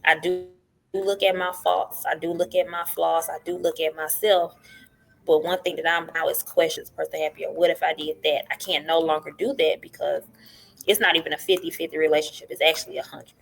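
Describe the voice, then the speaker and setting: A woman's voice: sits low, a little fast, creaky. A middle-aged woman, a podcast guest telling her story in casual talk and acting out what others said. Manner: animated, acts out what others said.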